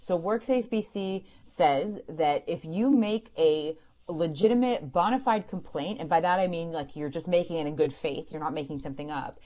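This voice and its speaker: A woman, an employment lawyer hosting a radio call-in show, explaining clearly and emphatically. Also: low voice, moderate pace, darkish tone.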